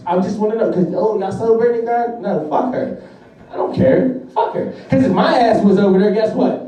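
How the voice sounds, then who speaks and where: A man's voice: high voice, brisk, dark tone. A young man performing a profane, laughing stand-up comedy routine. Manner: brash, profane, laughing through jokes. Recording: echoey room from far off.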